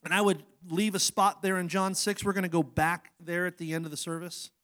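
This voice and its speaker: A man's voice: high voice, flat delivery, fairly quick, sharp tone. A middle-aged man preaching a sermon, reading scripture and praying, then telling stories in a folksy, conversational way with frequent stammered restarts.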